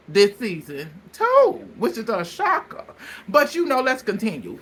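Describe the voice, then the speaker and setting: A man recapping a reality show in a casual vlog, animated, gossipy and bluntly profane, breaking into laughs as he retells scenes. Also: high-pitched, unhurried. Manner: breaks into laughter while recounting.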